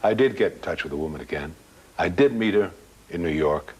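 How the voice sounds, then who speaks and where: A man's voice: deep voice, lively intonation, brisk, darkish tone, breathy edge. An older man telling a ghost story as a talk show guest, acting out the other people's voices. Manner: dramatic storyteller, acts out voices. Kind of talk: storytelling in an interview.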